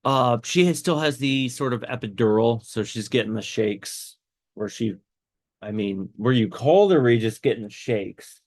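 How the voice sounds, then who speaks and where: A man's voice: mid-range voice, moderate pace, no room sound. A man hosting a podcast, telling a personal story in a rambling way with many fillers and restarts, tearful and choked up. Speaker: podcast host.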